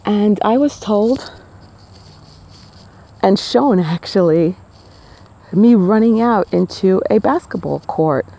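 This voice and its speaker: A woman talks about spirituality straight to camera. Her voice is gravelly and mellow. She speaks emphatically and sounds exasperated, firing off rhetorical questions. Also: medium pitch, animated, takes it slowly, pauses often. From New York City. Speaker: spiritual vlogger. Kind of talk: casual spiritual talk to camera.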